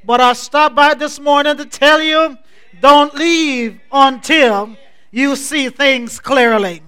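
Pastor guy preaching slow, high bright voice, repeats his big line over and over. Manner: repetitive, rising preaching cadence; measured, soft-spoken scripture introduction. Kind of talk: sermon.

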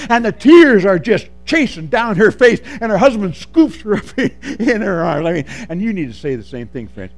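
A man preaching a sermon, calling for amens and swinging between soft asides and loud, drawn-out lines. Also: high voice. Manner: animated, calls for amens, swings from soft to shouting.

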